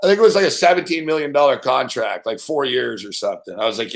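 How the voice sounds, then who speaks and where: A man's voice: mid-range voice, fast talker, vocal fry. A middle-aged man hosting a sports betting show, swearing constantly as he rants and tells stories, acting out the other people in them. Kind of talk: profane casual rant.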